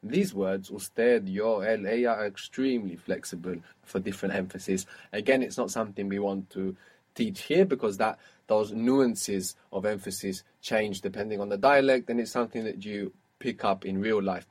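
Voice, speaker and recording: A man's voice: fairly low pitch, slightly rough. A man teaching a language lesson, patiently prompting a learner and confirming her answers.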